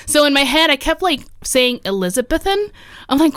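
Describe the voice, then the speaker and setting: A woman's voice: sits high, a little fast, no room sound. Laughing woman podcaster, dry close sound. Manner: chatty, laughs often, relaxed storytelling. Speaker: podcast host. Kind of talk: casual chat telling ghost stories.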